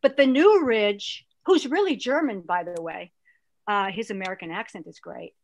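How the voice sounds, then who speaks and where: A woman guest, an actress, chatting and telling stories in an animated way, with a lot of restarts. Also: medium pitch, moderate pace, no room sound. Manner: animated, rambling storyteller with many restarts. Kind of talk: casual interview chat.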